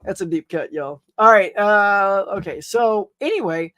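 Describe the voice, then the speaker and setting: A man's voice: sits high, measured pace, bright, forceful tone, no room sound, studio quality. A man hosting a live morning pop-culture stream, rambling casually, joking and reading viewer comments aloud.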